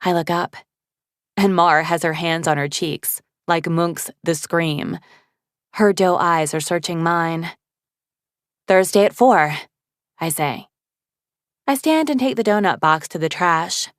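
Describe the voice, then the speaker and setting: Woman, audiobook narrator, romance, first person, low-pitched, dry studio sound. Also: unhurried, dry recording. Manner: expressive, voices the dialogue.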